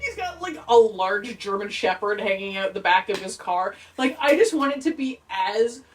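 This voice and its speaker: A woman's voice: medium pitch, normal speed, far from the mic, a little hiss or hum. A young woman from Canada co-hosting a podcast, chatting casually and animatedly, swearing and slipping into silly voices. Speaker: podcast co-host. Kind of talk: casual chat.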